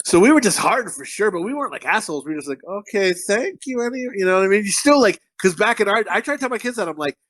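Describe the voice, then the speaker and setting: A man's voice: high voice, lively intonation, racing, hardly any pauses, fairly bright tone. A man from Connecticut hosting a podcast in casual, profane, rambling banter. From Connecticut, USA. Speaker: podcast host.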